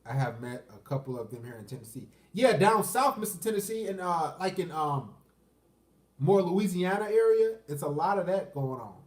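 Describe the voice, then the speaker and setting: In an off-the-cuff livestream rant, a dating commentator swears his way through chat questions with lively intonation at normal speed. His slightly high voice sounds distant and echoey, away from the mic.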